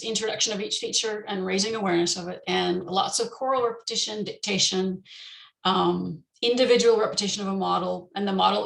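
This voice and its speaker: A woman's voice: medium pitch, creaky, a bit bright, echoey room. A woman teacher giving an online conference talk, explaining step by step with frequent ums and restarts.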